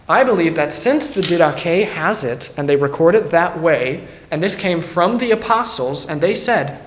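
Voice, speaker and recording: A man's voice: fairly high pitch, a bit bright. A man, a pastor, teaching a Bible study in an earnest, emphatic way and thinking aloud as he goes. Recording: roomy echo.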